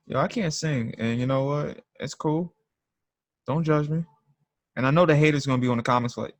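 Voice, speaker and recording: A man's voice: on the high side, normal speed, no room sound. A young man hosting a live trading stream, talking in a blunt, slangy, emphatic casual rant.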